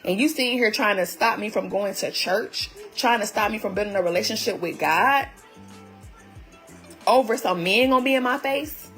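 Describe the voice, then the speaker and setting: A woman's voice: medium pitch, normal speed, fairly bright tone, faint music behind. A woman telling her story to viewers in a heated, blunt and profane way, casually addressing them directly. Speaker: vlogger recapping her relationship.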